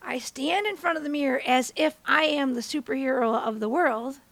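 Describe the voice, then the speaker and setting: A woman hosting a motivational talk, telling a story in a lively, conversational way and often asking listeners "right?". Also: sits high, moderate pace, dry recording. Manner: animated, acts out her own and others' words in bigger voices. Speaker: host. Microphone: camera.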